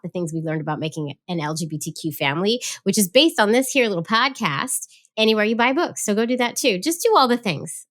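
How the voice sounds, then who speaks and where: A woman's voice: mid-range voice, fairly bright tone. Playful, chatty woman podcast host. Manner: playful, self-mocking, chatty. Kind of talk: casual podcast chat.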